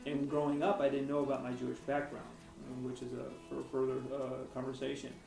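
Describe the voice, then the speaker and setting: A man's voice: mid-range voice, monotone, fairly quick, gravelly. A man being interviewed, recounting personal stories in a rambling, hesitant way. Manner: rambling, hesitant with frequent restarts. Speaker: author interviewee. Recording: roomy, distant mic with faint music.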